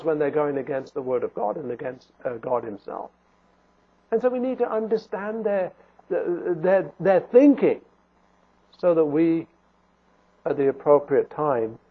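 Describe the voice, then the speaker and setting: A man's voice: fairly high pitch, breathy edge. A man preaching a sermon in an earnest, pleading way, asking rhetorical questions and restarting phrases. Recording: phone-like narrow band.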